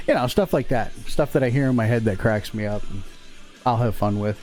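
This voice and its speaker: A man's voice: mid-range voice, brisk, over loud music. A man hosting a casual live stream from a workshop, rambling and joking and laughing often.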